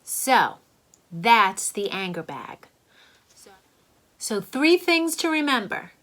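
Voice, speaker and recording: A middle-aged woman, a child therapist, gently and encouragingly walking children through calming exercises. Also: on the high side, takes it slowly, rough recording. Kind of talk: instructional talk to children.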